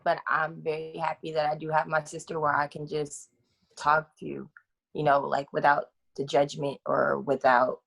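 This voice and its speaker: A woman with a somewhat low voice tells a personal story as a podcast guest. She speaks candidly in casual slang, acting out the people in her tale. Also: little pitch movement, normal speed, gravelly, a bit bright.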